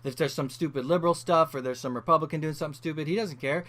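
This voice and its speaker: A man's voice: a little high, fairly bright tone. A man hosting a podcast in casual chat, agreeable and chiming in often. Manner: agreeable, quick, backchannels a lot. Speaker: podcast host.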